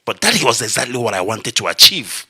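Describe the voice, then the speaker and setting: A man's voice: medium pitch, sing-song, fairly quick, pushed and bright, breathy edge. A man with a Nigerian Igbo accent, a radio broadcaster delivering an impassioned, emphatic monologue, repeating his points for weight. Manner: emphatic, repetitive, declamatory.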